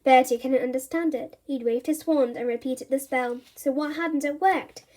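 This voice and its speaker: A woman reading a children's storybook aloud in an expressive, animated narrating voice. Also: sits high, normal speed.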